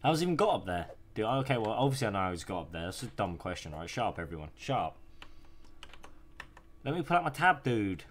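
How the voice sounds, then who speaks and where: A man's voice: on the low side, very animated, fast. A young man giving casual, profane gameplay commentary and taunting the enemies he hunts. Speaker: gaming YouTuber. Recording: music playing behind the voice.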